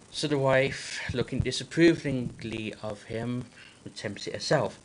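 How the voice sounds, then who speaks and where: A man's voice: medium pitch, slight background noise. Man telling a rambling joke. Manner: halting, full of fillers and restarts. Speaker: livestream host. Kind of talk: casual joke-telling on a livestream.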